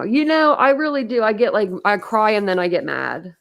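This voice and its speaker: A woman's voice: medium pitch, sing-song, normal speed, creaky, hardly any pauses, a bit bright. A woman hosting a casual livestream, talking emotionally and bluntly, rambling and swearing as she reacts. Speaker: livestream host.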